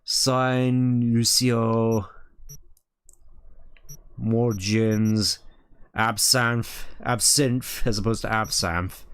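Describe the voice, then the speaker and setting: A man streaming a video game, rambling in casual commentary and reading item names aloud. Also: medium pitch.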